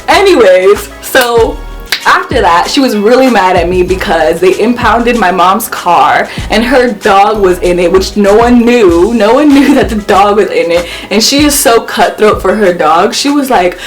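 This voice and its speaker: A young woman telling a story on her vlog, animated and swearing as she acts out the quotes. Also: mid-range voice, moderate pace, soft background music. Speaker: vlogger.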